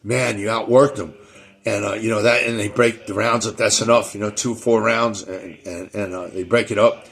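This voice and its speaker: Gravelly-voiced man, rambling talk. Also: lowish voice, steady tone, normal speed, a bit bright. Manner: rambling, repeats words and restarts often. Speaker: show host. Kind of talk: casual monologue.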